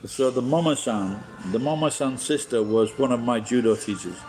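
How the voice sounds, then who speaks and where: A middle-aged Englishman hosts a rambling, casual livestream chat, airing strong opinions and swearing bluntly. His medium-pitched voice has a darkish tone and moderate pace, captured in a rough recording.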